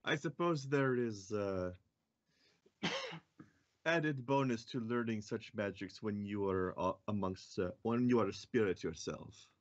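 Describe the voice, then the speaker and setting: A man voicing a young male adventurer in a put-on Russian accent, speaking in halting, formal phrases. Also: on the low side, highs cut off. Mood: polite.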